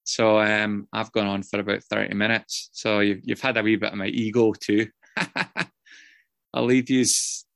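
A man's voice: fairly low pitch, flat delivery, unhurried, vocal fry, fairly bright tone, dry recording. A man sharing his story at a meeting, rambling and self-mocking, swearing freely with many ums and uhs, heard over a video call. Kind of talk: casual personal share.

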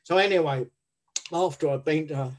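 This man speaks at a moderate pace with a fairly high pitch, candidly telling the story of his recovery. He's blunt and rambling, swears freely, and keeps restarting his sentences.

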